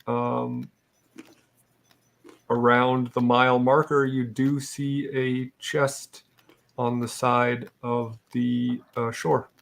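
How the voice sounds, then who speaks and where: Casting: male dungeon master, gravelly and unhurried, halting delivery with lots of ums. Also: mid-range voice. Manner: halting, relaxed, with frequent ums. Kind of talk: narrating a tabletop game.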